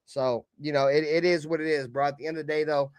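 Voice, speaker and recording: A high-voiced man rants like a heated sports fan, cursing constantly and lurching from loud bursts to low mutters. His voice sounds close and dry, with no room around it. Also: steady tone, quick pace, clear, resonant tone, no room sound. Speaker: live stream host. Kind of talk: profane fan rant.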